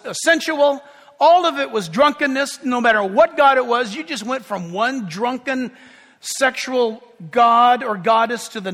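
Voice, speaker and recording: A man preaching a sermon as pastor, animated, shouting out quoted crowds and joking with the congregation. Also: very high-pitched, in a large hall. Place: church sanctuary.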